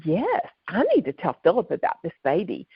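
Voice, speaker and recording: A woman's voice: on the low side, huge pitch swings, moderate pace, creaky, breathy edge, no echo, heavily acted. A woman voicing a bewildered elderly mother with dementia on a dull, dry recording. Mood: worried. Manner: plaintive, bewildered.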